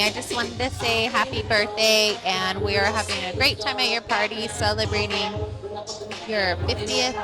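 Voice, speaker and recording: Tender woman, loud music behind. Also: medium pitch. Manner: tender and sincere. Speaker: party guest. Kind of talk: guest book voice message.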